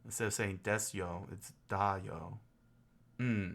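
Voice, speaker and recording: A man's voice: on the low side, fairly even intonation, slow pace, creaky, a bit bright. A man hosting a casual study stream, thinking aloud as he sounds out phrases and chuckles often. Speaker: host studying Japanese.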